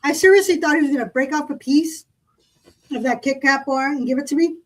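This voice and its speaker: A woman, co-hosting a podcast in casual chat and telling a story with lively quoted dialogue. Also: high-pitched, a little fast, poor audio. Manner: chatty storyteller, acts out quoted people. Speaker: podcast co-host.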